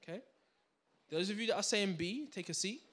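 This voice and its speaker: A man giving a live finance seminar to a room audience, energetic and full of banter, quizzing the crowd. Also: high voice, a little fast. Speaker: seminar speaker.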